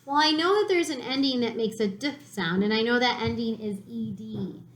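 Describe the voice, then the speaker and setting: A woman's voice: on the high side, normal speed, fairly bright tone. A woman teaching a third grade reading lesson, patiently sounding words out syllable by syllable. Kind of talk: slow spelling lesson for children. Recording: echoey room.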